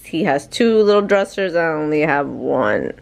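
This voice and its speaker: A woman's voice: sits low, lively intonation, moderate pace, creaky. A young mother vlogging casually at home with a handheld camera. She chats, laughs often and slips into Spanish with her child. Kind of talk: casual family vlog. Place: home, indoors.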